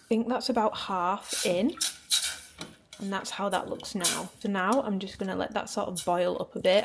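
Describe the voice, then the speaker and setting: A woman's voice: fairly low pitch, creaky, slight background noise. A young woman, chatting casually through a vlog while she cooks in her home kitchen. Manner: chatty, rambling, self-deprecating. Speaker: vlogger. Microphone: camera on a tripod.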